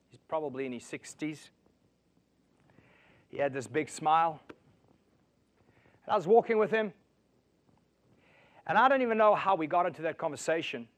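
A man preaching a sermon, swinging from loud emphatic lines to hushed storytelling and asking his listeners rhetorical questions. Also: fairly high pitch. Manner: asks the audience rhetorical questions. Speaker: pastor.

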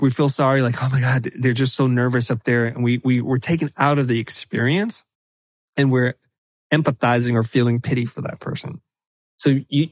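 Energetic, emphatic middle-aged man. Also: mid-range voice, dry recording. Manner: energetic and emphatic, drops into quoted asides. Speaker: podcast guest. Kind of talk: animated conversational podcast talk.

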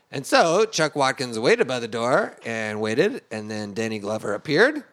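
Male podcast guest, mid-pitched, lively intonation, self-deprecating storyteller. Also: measured pace, few pauses. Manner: tells self-deprecating anecdotes. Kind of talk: comedic podcast banter, storytelling.

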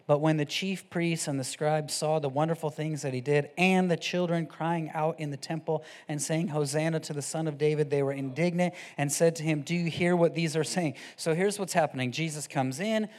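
A man preaching an off-the-cuff sermon, casual and animated, moving from quiet scripture reading to loud, excited exhortation. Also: a little high, normal speed, hardly any pauses.

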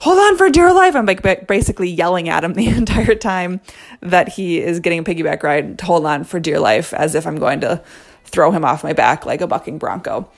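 A woman's voice: fairly low pitch, brisk, gravelly. A woman in her thirties telling a self-deprecating story in a chatty way, full of "um" and "like". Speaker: guest storyteller. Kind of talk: casual storytelling.

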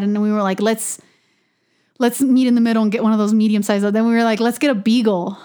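Casting: woman, a little higher voice, chatty casual co-host, giggly and loose. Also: fairly even intonation, fast talker, dark tone, smooth. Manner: chatty, giggly, lots of "like" fillers. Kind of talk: casual chat.

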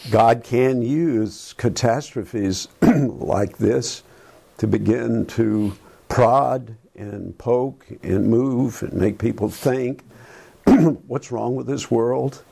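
Gravelly, halting older man preaching. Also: mid-range voice, mellow. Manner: halting, many restarts, earnest and preachy. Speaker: Christian radio host. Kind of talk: casual talk about current events.

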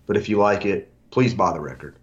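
A man's voice: low voice, a little fast, highs cut off. A man co-hosting a casual music podcast, rambling with restarts as he recommends a band. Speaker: podcast co-host.

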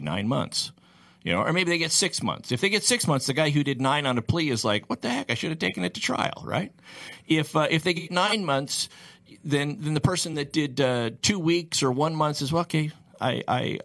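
A man's voice: mid-range voice, fairly bright tone. A man in casual talk who explains legal rules patiently and acts out what hypothetical people would say. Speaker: legal commentator.

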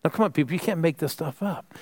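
A middle-aged pastor from Phoenix preaching a sermon, telling a personal story and calling on the congregation to repeat after him. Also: male voice, fairly high pitch, expressive, quick pace. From Phoenix, United States. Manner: call-and-response preaching, storytelling.

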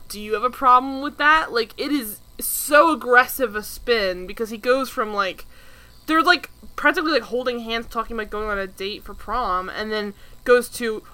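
Bright, high-voiced chatty woman. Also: normal speed. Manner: animated, laughing, heavy use of "like". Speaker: podcast co-host recapping a TV show. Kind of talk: casual chat.

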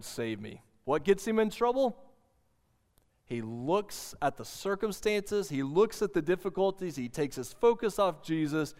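An earnest male pastor delivers a sermon with a slightly raised pitch. He slows for soft emphasis, then presses with urgency. His voice carries a long reverb from a church hall.

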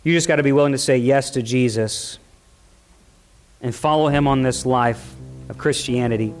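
A man's voice: medium pitch, normal speed, faint music behind. A man preaching a sermon at a church service, passionate and full of rhetorical questions. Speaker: pastor.

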